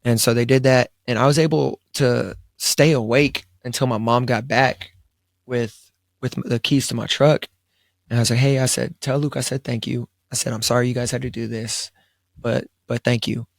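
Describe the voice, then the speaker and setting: In casual storytelling chat, this young podcast co-host, drawling in a gravelly voice edged with fry, recounts a long personal tale at normal speed, ordinary pitch, and a steady tone. Relaxed, he peppers it with "I was like," fillers, and restarts, recorded dry and close in a studio around a table with no echo.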